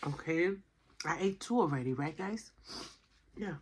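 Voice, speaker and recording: A woman eating on camera and chatting casually with her viewers, her voice husky and sitting on the low side. She pauses between bites and keeps saying "you know". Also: expressive. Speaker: mukbang vlogger. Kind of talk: casual chat while eating.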